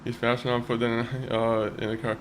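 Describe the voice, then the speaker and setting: A man's voice: medium pitch, completely flat delivery, brisk, slight background noise. Chatty young man streaming a game. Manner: chatty, talks to chat, swears and laughs easily. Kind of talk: casual live-stream gameplay commentary.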